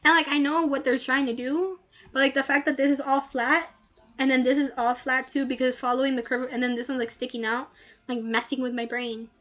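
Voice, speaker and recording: A bubbly young woman streamer chats casually while playing, in a high, bright voice. Her talk is loose and full of filler words. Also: level tone, a little fast. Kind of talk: casual gameplay commentary.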